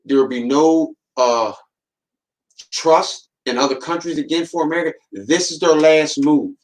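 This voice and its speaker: Slangy man hosting a podcast, slightly high voice. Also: a little slow, poor audio. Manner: slangy, streetwise storytelling that acts out quoted voices; warns and urges listeners with repeated "man" and "watch". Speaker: podcast host. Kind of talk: casual podcast monologue.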